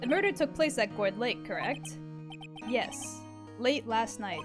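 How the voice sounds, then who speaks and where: A woman's voice: on the high side, lively intonation, unhurried, over music. A woman voicing an earnest young male defense attorney in a game, in a direct, near-natural voice.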